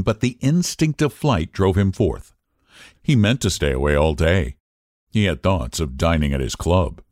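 Male audiobook narrator, measured and expressive, low and lively. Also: dry recording, studio quality. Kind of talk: scripted narration of a classic novel.

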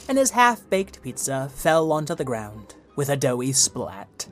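A man narrating a children's story in a playful, animated way, with jokey asides. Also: medium pitch, a little slow, few pauses, soft background music.

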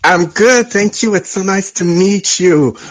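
A man's voice: sits high, unhurried. A man from France with a French accent, calling in to give his opinions in a playful, blunt way. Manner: animated, playful and blunt, laughs often. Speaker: caller. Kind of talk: call-in opinion.

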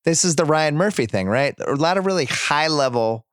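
A man hosting a podcast, casually recapping a TV series and acting out scenes with quick put-on voices. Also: fairly high pitch, smooth, no room sound, clean studio sound. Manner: animated retelling, acts out scenes in quick voices. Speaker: podcast host.

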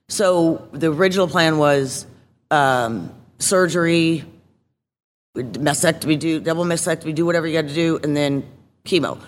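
A woman guest telling her own story in a casual interview, candid and halting, with many fillers and restarts. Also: low-pitched, big-room sound, a little hiss or hum.

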